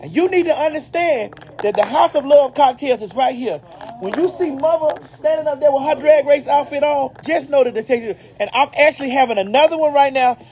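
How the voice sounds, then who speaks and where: A woman's voice: high voice, a little fast, darkish tone. A woman with a Southern US accent, a brand ambassador filming a promotional vlog, flamboyant and sassy, calling everyone honey and baby. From Southern United States. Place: out and about on city streets and in a liquor store.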